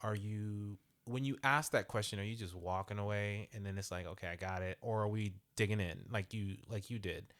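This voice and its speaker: A man's voice: lowish voice, a little fast, few pauses, fairly bright tone. A man hosting a parenting podcast, talking reflectively and acting out quoted dialogue. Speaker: podcast host. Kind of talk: conversational podcast interview.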